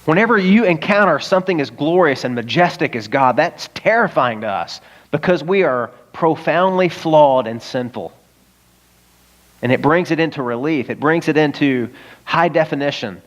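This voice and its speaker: A man's voice: a little high, lively intonation, moderate pace. A man preaching a sermon as pastor, talking casually with frequent rhetorical questions to the congregation. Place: church service in a high school auditorium.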